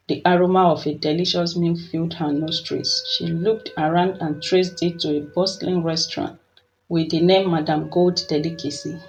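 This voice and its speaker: A storyteller giving scripted folktale narration in a measured, steady way. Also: medium pitch, low-quality recording. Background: soft music.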